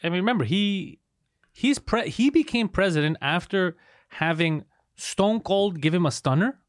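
A man hosting a podcast in casual chat, teasing and swearing freely in quick banter. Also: high voice, animated, dry recording, clean studio sound. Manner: teasing, profane, fast banter. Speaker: podcast host and comedian.

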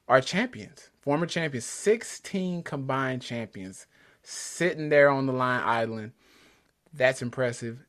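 An excitable man co-hosting a podcast in a casual chat. His voice swings up and down with lively energy, and he trips over his words in eager restarts. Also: medium pitch. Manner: excitable, enthusiastic, stumbling restarts. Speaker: podcast co-host. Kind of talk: casual chat about drag racing.

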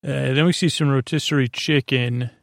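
A man hosting a podcast, giving a rambling bedtime recap of a TV episode and halting often with fillers and self-corrections. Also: mid-range voice, steady tone, gravelly, dry recording, studio quality. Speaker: podcast host.

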